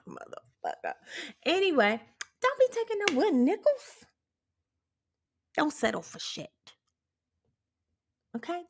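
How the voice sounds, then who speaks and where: A woman's voice: sits high, vocal fry, slightly rough. A woman vlogger giving a casual motivational rant to viewers. She is blunt and profane, sassy, and laughs often. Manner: sassy, talks straight to viewers. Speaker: empowerment vlogger.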